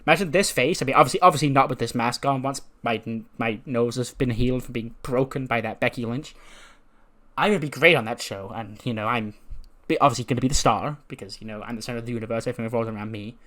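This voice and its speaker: A man's voice: mid-range voice, fast talker, fairly bright tone, lightly acted. Dude voicing self-obsessed it-girl wrestler, gushy and vain. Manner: vain, gushing, self-centered.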